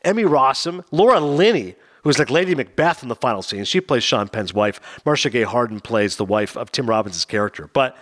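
A man hosting a podcast, chatting casually and telling stories with voiced quotes. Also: mid-range voice. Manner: animated, quick storytelling with voiced quotes. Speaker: podcast host. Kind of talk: casual chat.

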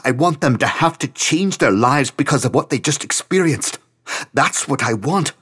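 A man's voice: lowish voice, slow, slightly rough. A man voicing a volatile, tearful young male band frontman who speaks in a raised, agitated, intense way.

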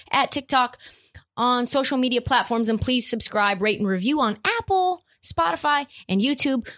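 A woman hosting a podcast, ranting about sports in a blunt, profane and emphatic way. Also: mid-range voice. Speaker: podcast host. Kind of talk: opinionated sports podcast rant.

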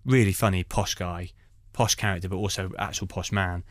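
A man, a stand-up comedian, telling anecdotes in an animated way. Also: low voice, a little fast, no echo. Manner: animated storytelling. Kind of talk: conversational anecdotes.

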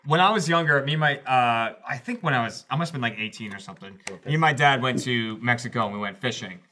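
A man co-hosting a podcast, telling an anecdote in an animated way and laughing at his own story. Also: mid-range voice, fast talker. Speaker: podcast co-host. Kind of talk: casual chat.

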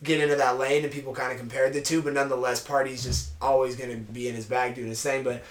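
A young man co-hosting a casual podcast, slangy and laid-back, with animated stories. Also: medium pitch, fast, echoey room. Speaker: podcast co-host. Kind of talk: casual chat.

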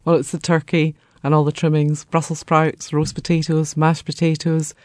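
A woman's voice: low-pitched, completely flat delivery, moderate pace, darkish tone, no room sound. A woman chatting as a radio guest, friendly and detailed. Her voice is dry and close to the mic. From Scotland. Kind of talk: radio interview.

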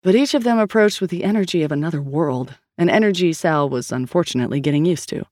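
A woman narrating a novel in a steady storytelling read. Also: low voice, quick pace, dry recording, studio quality. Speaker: audiobook narrator. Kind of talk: scripted narration.

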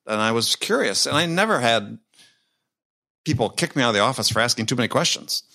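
A man with a mid-range voice talks through sales advice in a measured, reflective way. His conversation is easy and casual. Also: medium pitch, animated, vocal fry, sharp tone. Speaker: sales consultant.

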